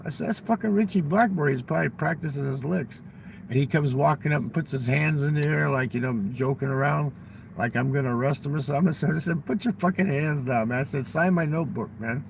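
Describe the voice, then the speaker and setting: A man's voice: on the high side, quick pace, gravelly, a little hiss or hum, rough recording. An older man telling rambling, profane, boastful stories in casual talk. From United States. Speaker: livestream guest telling stories. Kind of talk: rambling storytelling. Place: fast-food restaurant.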